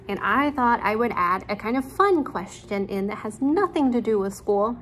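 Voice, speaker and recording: A woman's voice: fairly high pitch, lively intonation, unhurried. Woman, teacher, casual chat, informal, frequent asides, recorded at home, faint background noise. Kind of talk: casual chat and story retelling to students. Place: at home, near a laundry room.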